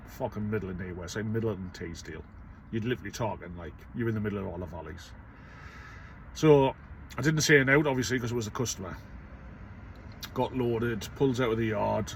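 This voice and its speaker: Blunt courier, swearing freely. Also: male voice, lowish voice, a bit bright, a little hiss or hum. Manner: blunt, chatty, swears casually, rambling asides. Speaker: self-employed van courier. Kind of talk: casual vlog monologue.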